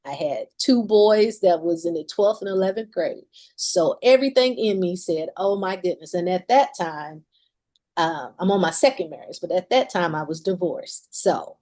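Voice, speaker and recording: A woman's voice: on the low side, normal speed, dark tone. A woman in her forties, a musician and author, candidly telling a personal story in an interview and laughing often as she talks.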